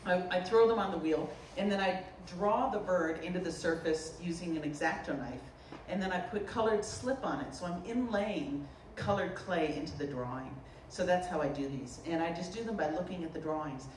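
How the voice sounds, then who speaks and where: A woman from the Boston area, a potter giving a humorous artist talk, telling stories in an animated, joking way. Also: lowish voice, normal speed, few pauses. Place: lecture room at a festival. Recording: roomy, distant mic, faint noise.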